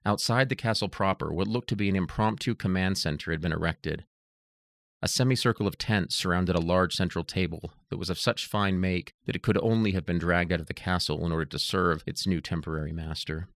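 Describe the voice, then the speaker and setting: Very deep-voiced male audiobook narrator. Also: fairly quick, a bit bright, no room sound.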